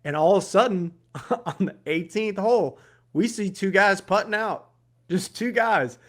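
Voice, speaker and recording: A man with a fairly high voice co-hosts a casual podcast chat. He tells his story in an animated way and laughs often as he goes. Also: measured pace. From Georgia, US. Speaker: podcast co-host.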